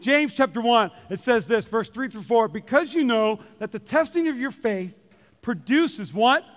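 A man preaching a sermon, animated and joking, calling out to the congregation. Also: very high voice, a little slow. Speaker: pastor. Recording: long hall reverb.

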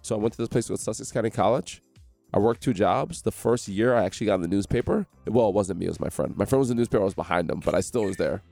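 A man from New Jersey, a guest in a radio studio, telling his story with animated energy and acting out the voices of the people in it. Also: lowish voice, racing, creaky, no room sound, soft background music. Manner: animated, acts out quoted voices.

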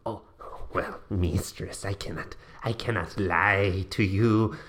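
A man voicing a fawning, drunk male manservant who speaks in a slow, halting, deferential way. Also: sits low, fairly even intonation, a bit bright, voice pushed down. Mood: sheepish.

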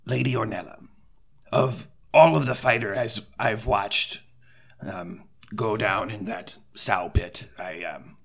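A man playing an earnest cleric at a tabletop game, soft-spoken and measured, with pauses. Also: lowish voice, gravelly, breathy edge. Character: earnest male cleric recruiter. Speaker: player voicing a cleric. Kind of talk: tabletop role-play in character.

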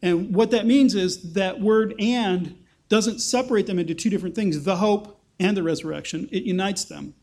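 A man's voice: high voice, normal speed, a little mellow. A man teaching scripture in a sermon, conversational, thinking aloud with restarts and acting out quoted lines with emphasis. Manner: acts out quotes with rising emphasis. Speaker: pastor. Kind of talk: sermon-style Bible teaching.

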